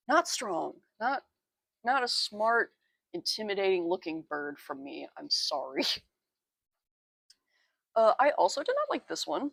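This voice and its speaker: A woman's voice: lowish voice, gravelly, no room sound. A young woman artist giving a casual sketchbook tour, chatty and self-deprecating, with giggly asides. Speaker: artist showing her sketchbook.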